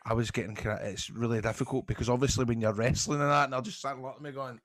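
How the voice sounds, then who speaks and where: A man's voice: mid-range voice, steady tone, racing, a bit bright, no room sound, clean studio sound. A Scottish man, a podcast guest, chatting casually and laughing through his anecdotes. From Scotland.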